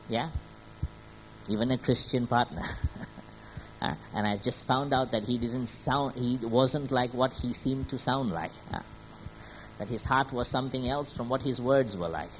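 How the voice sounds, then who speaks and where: A man preaching with a mid-range voice, often pausing to check in with his listeners. He builds toward louder, more emphatic stretches. A faint hiss and a low rumble sit under the recording. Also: poor audio. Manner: checks in with the crowd with frequent "Hmm?" and "Yeah?". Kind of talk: sermon.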